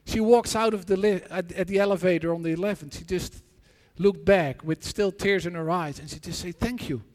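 This preacher is a man with a high-pitched yet darkish voice, and his words echo with the long reverb of a big hall. He delivers a sermon of personal stories and prayer, earnest but halting, often starting over and repeating himself.

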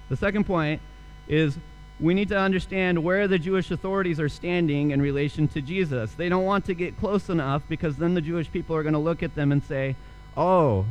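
A man's voice: a little high, rough recording. A young man preaching a sermon, telling a story and then asking earnest rhetorical questions. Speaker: pastor.

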